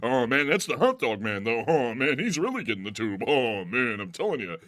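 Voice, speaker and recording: A man putting on a loud, laughing impression of a comedian who gets no respect, on a live news stream. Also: medium pitch, big pitch swings, brisk, dry recording. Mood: mock lament. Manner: loud, laughing, punchline rhythm. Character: wisecracking comedian complaining about no respect.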